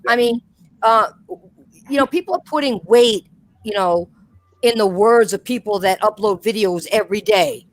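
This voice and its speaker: A woman's voice: medium pitch, normal speed. A woman hosting a podcast, ranting bluntly with profanity and repeated direct addresses to her listeners. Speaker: podcast host. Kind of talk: heated casual podcast rant.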